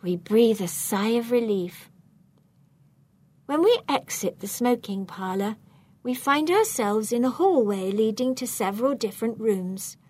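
Slow, breathy woman reading a mystery. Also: on the high side. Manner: expressive, suspenseful reading. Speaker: narrator. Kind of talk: read-aloud storybook narration.

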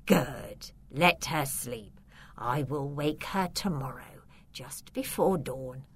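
A sinister vampire count, put on by a woman reader for a storybook: slow, lowered and silky. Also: husky, heavily acted. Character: sinister smooth-talking male vampire count. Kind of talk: storybook reading.

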